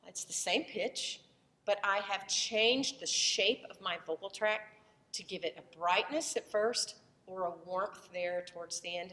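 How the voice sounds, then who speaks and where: A woman's voice: mid-range voice, pushed and bright, long reverb tail. A woman voice teacher who has a cold, explaining the vocal tract in a loose, conversational lesson and breaking into short vowel demonstrations.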